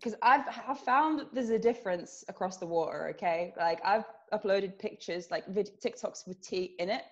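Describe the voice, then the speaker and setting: A young Englishwoman with a British accent and a mid-range voice chats at a moderate pace as a podcast guest, laughing often between sentences. It's a casual interview chat, and the audio is muffled and lo-fi.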